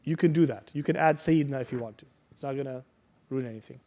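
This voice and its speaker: Speaking quickly in a warm, medium-pitched voice, a man teaches a prayer workshop as a religious instructor. He patiently reassures, recites Arabic phrases, and checks understanding with "right?" and "okay?"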